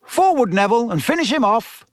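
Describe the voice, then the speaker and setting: A man voicing an encouraging middle-aged male teacher who gives brisk, cheerful commands to his class. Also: sits high, very animated, fairly bright tone, no echo, studio quality, exaggerated voice. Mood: commanding.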